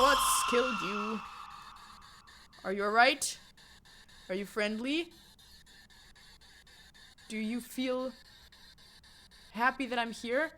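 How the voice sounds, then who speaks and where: Sharp-voiced woman streaming a game. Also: on the high side, slow, long pauses, slight background noise. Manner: chatty, joking, talks to chat and to a ghost. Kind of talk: live gameplay commentary.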